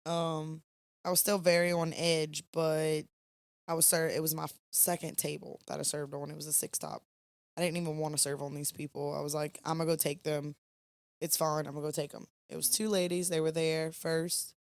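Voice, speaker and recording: A young woman co-hosts a podcast late at night, tired and yawning as she tells a rambling story. Her voice is deep with little pitch movement and a moderate pace, recorded dry. She's a chatty storyteller who leans on fillers.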